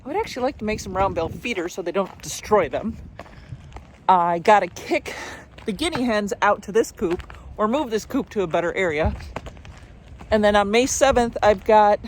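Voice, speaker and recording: A woman's voice: mid-range voice, a little hiss or hum. A woman vlogging casually from her farm, chatting and talking to her animals. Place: outdoors on a farm.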